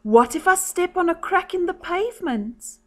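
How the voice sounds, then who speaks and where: A woman's voice: very high voice, expressive, moderate pace, darkish tone, pitched above the performer's own voice. A woman voicing a timid, worried young creature in a children's storybook reading, sounding anxious and fretful.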